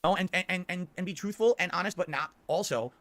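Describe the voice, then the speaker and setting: A man's voice: high-pitched, fast talker, a bit bright. A man speaking on his stream in a defensive, complaining monologue that is played back from a clip. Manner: aggrieved, complaining, self-pitying.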